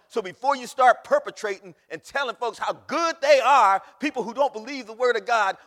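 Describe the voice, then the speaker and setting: A man preaching a sermon as pastor, swinging from soft asides to loud shouting, mocking quoted voices along the way. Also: very high-pitched, lively intonation, moderate pace, few pauses. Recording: echoey hall recording.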